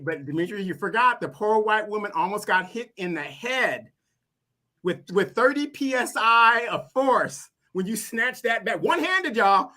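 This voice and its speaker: A man's voice: high-pitched, lively intonation, measured pace, sharp tone. A man co-hosting a live talk stream, playfully teasing his co-host. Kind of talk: casual live-stream chat.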